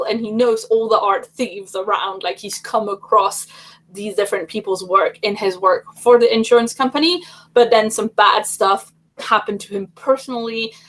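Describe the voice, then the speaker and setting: A woman's voice: on the high side, fairly bright tone, rough recording. A woman hosting a casual livestream chat, talking in a rambling way with many fillers and restarts. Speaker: livestream host.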